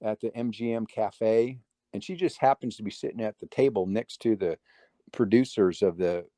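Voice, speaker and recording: A middle-aged guest magician on a casual interview tells rambling stories with restarts and quoted dialogue. His voice is on the low side, mellow and relaxed, and the recording is close and dry with no room sound.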